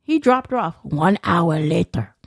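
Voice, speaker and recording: A young woman as a podcast guest, telling a story in casual, profane, animated fashion and acting out the voices of others. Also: on the low side, a little slow, vocal fry, no room sound, clean studio sound.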